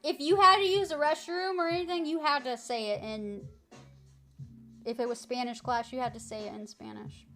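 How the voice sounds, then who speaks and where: A woman's voice: high-pitched, fairly even intonation, moderate pace, pushed and bright. An American woman chatting casually with viewers on a live stream and practicing French words aloud. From United States. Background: faint background music.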